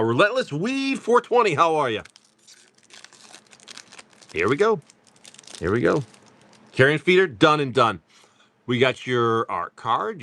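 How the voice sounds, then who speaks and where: A man's voice: medium pitch, a bit bright, no room sound. A man chatting casually on a live stream, joking with viewers while he reads off cards. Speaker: card-break livestream seller.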